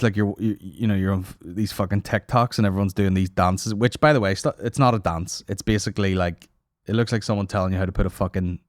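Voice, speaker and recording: A man hosts a comedy podcast in a fairly low voice, rambling through jokes and swearing freely. The sound is dry and close, with no room echo. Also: a little mellow. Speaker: podcast host. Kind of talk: casual comedy banter.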